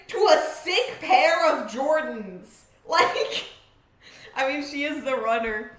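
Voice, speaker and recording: Woman streamer, live game reaction, excitable, bright sharp voice, roomy echo. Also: high-pitched, takes it slowly. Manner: excitable, yelps and laughs, reads story text aloud.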